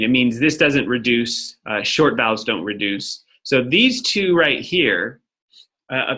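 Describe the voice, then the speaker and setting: A man's voice: medium pitch, sharp tone, husky. A man teaching a lecture-style lesson, explaining step by step and often checking in with "right?". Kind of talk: recorded lecture at a whiteboard.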